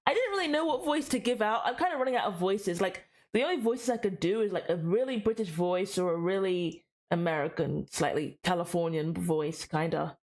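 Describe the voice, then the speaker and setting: A woman's voice: medium pitch, moderate pace, few pauses, darkish tone. Chatty self-deprecating woman streamer. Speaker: game streamer. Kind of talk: reading game story aloud and chatting with viewers.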